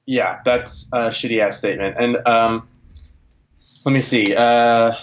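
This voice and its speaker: A podcast co-host sharing film trivia in casual chat, relaxed, with many fillers. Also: medium pitch, slow, dull audio, a little hiss or hum.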